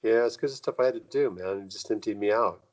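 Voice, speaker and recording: Low-voiced man telling rambling stories. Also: quick pace, a little mellow, highs cut off. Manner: rambling, acts out quoted dialogue with jumps in pitch. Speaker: guest. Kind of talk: casual conversational storytelling.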